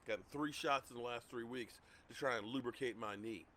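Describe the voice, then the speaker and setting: A man's voice: mid-range voice, moderate pace, pushed and bright, slight background noise. A middle-aged man hosting a sports livestream, ranting heatedly and repeating himself as he gets worked up. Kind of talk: heated rant.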